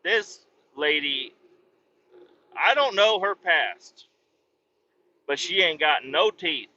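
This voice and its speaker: A male podcast host rambles through a story, swearing freely and making sarcastic asides. His voice sits a little high and sounds very bright and cutting. The audio is dull and lo-fi, with faint noise behind it. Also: expressive, takes it slowly. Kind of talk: casual comic storytelling.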